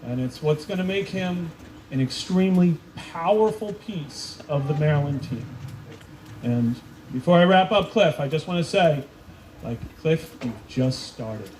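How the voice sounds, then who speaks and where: A man coach giving a ceremony speech, telling lively stories and acting out quoted voices. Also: on the high side, a little slow, slight background noise, poor audio. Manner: animated storytelling with voiced quotes. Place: school event space.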